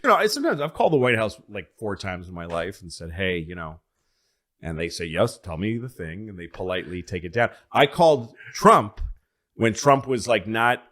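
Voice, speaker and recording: A man's voice: fairly low pitch, brisk. A man co-hosting a podcast, telling stories in a loose, swearing chat and acting out the people in them. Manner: animated storyteller, acts out voices, swears freely. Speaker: podcast co-host. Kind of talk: casual storytelling chat.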